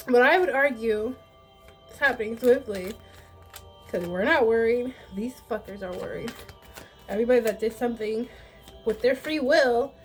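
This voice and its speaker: A woman giving a casual tarot reading in a blunt, sassy, profane way. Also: fairly high pitch. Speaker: tarot reader.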